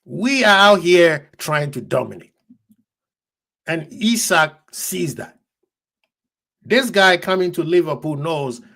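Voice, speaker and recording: Excitable man hosting a fan stream. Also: fairly high pitch. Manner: excitable, laughing, talking to chat. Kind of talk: casual live-stream football talk.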